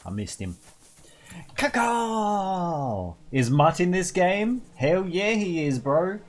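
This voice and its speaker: A man's voice: high voice, very animated, unhurried. A young Australian man streaming a video game, chatting casually in a rowdy, jokey way with plenty of swearing and doting talk to an in-game dog. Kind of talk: casual gameplay commentary.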